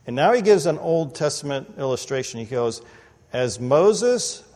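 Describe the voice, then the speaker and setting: A man preaching an expository sermon in a church, animated and conversational, often acting out the people he quotes. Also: a little high, fairly quick. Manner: animated, acts out quoted voices, conversational asides. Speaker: pastor. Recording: long reverb of a large hall.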